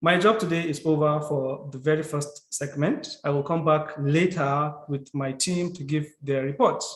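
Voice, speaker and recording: A man hands over the floor in a formal, announcing manner. His voice sits a bit higher than most men's. The sound has a roomy echo around it. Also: fairly even intonation, normal speed, a bit bright. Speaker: general evaluator. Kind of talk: meeting role introduction.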